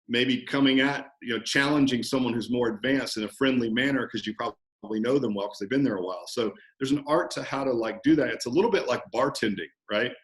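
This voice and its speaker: A man guest talking about coaching in a relaxed, animated interview, often acting out conversations. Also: medium pitch, a little fast, few pauses, echoey room. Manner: animated storyteller, acts out coach-client banter. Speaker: fitness business owner, guest.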